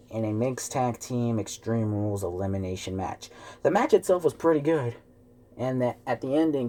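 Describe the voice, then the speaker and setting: In an angry ranting vlog filmed at home, a wrestling fan lets loose a fired-up tirade, cursing heavily as he vents. His voice sits on the low side and has a warm tone.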